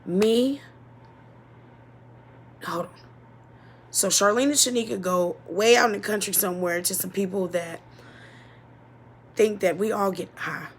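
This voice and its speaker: Her voice at medium pitch, an adult woman shares a painful story from her childhood as personal testimony. She is halting and emotional, frequently sinking to a near-whisper, and the audio carries a little hiss or hum.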